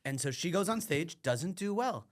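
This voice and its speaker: A man's voice: on the high side, animated, normal speed. A man, a comedian guest on a podcast, chatting casually and reflectively, acting out his own past lines. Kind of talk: casual chat.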